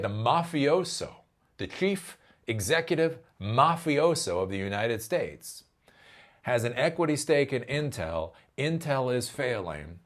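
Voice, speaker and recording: A man ranting in a commentary vlog, his pitch swinging up and down. He swears freely and bursts into loud exasperated outbursts, then drops low again. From Ohio, US. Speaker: tech commentary host.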